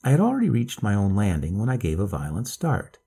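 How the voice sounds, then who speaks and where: Male audiobook narrator, low gravelly voice, lively intonation. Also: a little fast. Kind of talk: scripted storybook narration.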